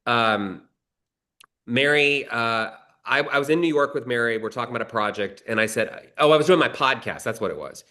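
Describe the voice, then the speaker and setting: A man's voice: mid-range voice, expressive, normal speed, pushed and bright. A male screenwriter telling a long anecdote in a casual, rambling way, with frequent restarts and some swearing. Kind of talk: conversational storytelling.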